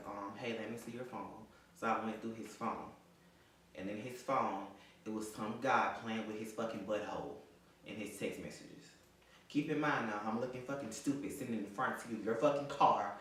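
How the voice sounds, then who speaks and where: A man's voice: on the low side, fairly bright tone. A young man telling a storytime vlog about a cheating boyfriend, profane and dramatic, sometimes talking at his ex as if he were there. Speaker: vlogger. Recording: echoey room, distant mic, faint noise.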